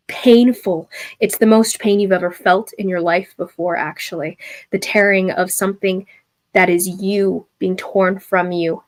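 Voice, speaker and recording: A woman's voice: medium pitch, darkish tone. A woman narrating a tabletop game as game master, telling it dramatically with some fillers.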